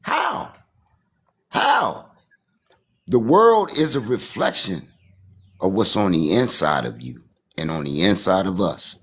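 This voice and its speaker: A man's voice: sits low, sing-song, a little slow, breathy edge. A man with a Washington, D.C. accent, a caller giving a rambling spiritual monologue over a remote call, preachy and repetitive. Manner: preachy, repetitive, says "you understand" often.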